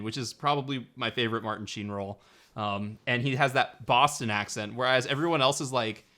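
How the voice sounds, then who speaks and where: Podcast cohost guy, jokey, bright voice, restarts a lot, mid pitch. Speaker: podcast co-host. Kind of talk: casual chat.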